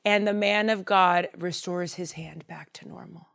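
A young woman hosting a casual Bible storytelling chat in a chatty, slangy, animated way. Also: lowish voice, measured pace, creaky. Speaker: podcast host.

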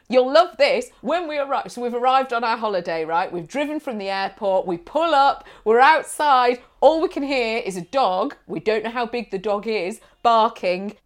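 Woman, lively storyteller, pitch swooping up and down, slightly high voice, casual chat. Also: moderate pace, few pauses. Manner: animated storytelling, bursts into laughter, acts out quotes.

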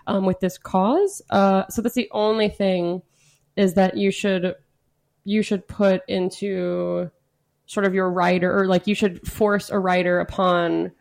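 A woman's voice: mid-range voice, fairly even intonation, measured pace, gravelly, a little mellow. A woman who is a comedian, a guest on a comedy podcast, talking in a rambling, playful way with many fillers.

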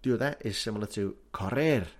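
A man's voice: on the low side, fairly quick. A man with a Scouse accent from Liverpool, teaching a podcast language lesson and repeating each word carefully. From Liverpool, England. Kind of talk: slow, deliberate podcast lesson.

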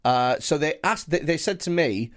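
Male comedy podcast co-host, rambling casual storyteller, lively swinging pitch. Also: normal speed. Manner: rambling, animated storytelling with restarts.

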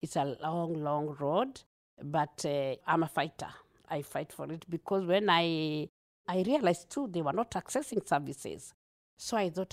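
Kenyan-accented woman, gravelly, lowish pitch, earnest, animated storyteller; interview guest. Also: a little slow. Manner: earnest, animated, laughs often.

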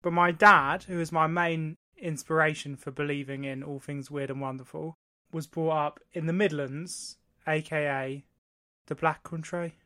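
Co-host: man from Devon, chatty storyteller, voice sits a bit high. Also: steady tone, moderate pace, bright, forceful tone. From Devon, England. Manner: chatty storyteller, swears casually. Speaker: podcast co-host. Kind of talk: casual chat.

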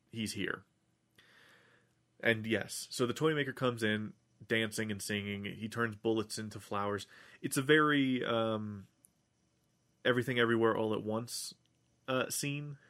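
A man's voice: lowish voice, normal speed, fairly bright tone. A man on a podcast casually recapping an episode, rambling with many restarts and fillers. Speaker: podcast host.

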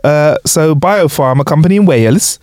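A man's voice: on the high side, animated, moderate pace, darkish tone, no room sound, clean studio sound. A young man co-hosting a casual podcast, explaining facts with frequent laughter. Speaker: podcast co-host.

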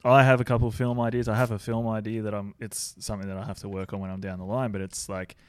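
A young man on a podcast with a slightly low voice, recorded dry and close. He chats easily, backing his co-host with short agreeing replies. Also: level tone, fast talker, clean tone, no room sound. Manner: supportive, brief replies. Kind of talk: casual chat.

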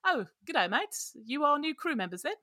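A woman voicing a gentle male halfling ship's doctor, soft and rambling. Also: sits high, very animated, normal speed, no echo, studio quality, pitched above the performer's own voice, heavily acted. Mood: kindly.

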